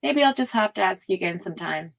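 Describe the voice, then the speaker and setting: A woman's voice: medium pitch, animated, fast talker, gravelly, rough recording. A woman hosting a casual livestream, chatting with viewers, reading their comments aloud and laughing often. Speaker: tarot livestream host.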